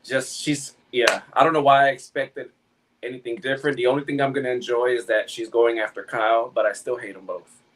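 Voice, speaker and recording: A man on a video-call review panel, talking in a measured, critical way. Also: medium pitch, fairly even intonation, background noise. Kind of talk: casual review chat.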